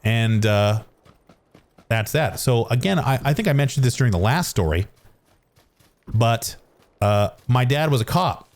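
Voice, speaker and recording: Gaming at home, a streamer from Canada spins a casual story in a mid-range, expressive voice at a measured pace, pausing often. Up close on a studio dynamic microphone, he meanders, starts over frequently, uses fillers, and mocks himself throughout.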